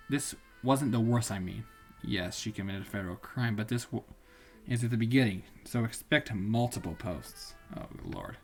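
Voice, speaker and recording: A man streaming live, reading stories aloud in a casual, rambling way and often stopping to correct himself. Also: mid-range voice.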